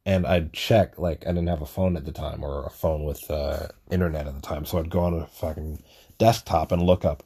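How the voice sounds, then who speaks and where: A man's voice: low-pitched, fairly even intonation, a little fast, dark tone, breathy edge. A young man rambling through a casual solo monologue, swearing often and joking at his own expense. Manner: rambling, swears a lot, self-deprecating. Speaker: podcast host.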